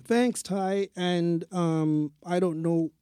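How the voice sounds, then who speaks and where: A man co-hosting a casual spiritual talk show, telling stories in a slow, reflective way. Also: high-pitched, steady tone, warm tone, clear, resonant tone, no echo, clean studio sound. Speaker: co-host.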